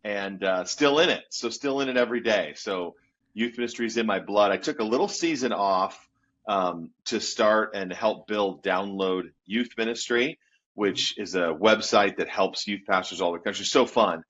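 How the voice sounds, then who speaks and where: Husky-voiced man in his fifties. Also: on the low side, normal speed. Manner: animated, laughing storyteller. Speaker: youth pastor, guest. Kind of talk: casual storytelling interview. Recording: dull lo-fi sound.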